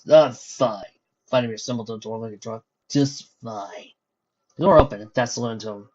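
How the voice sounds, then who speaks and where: A man narrating a fan-fiction story in a steady storytelling manner, on a dull lo-fi recording. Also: fairly low pitch, racing.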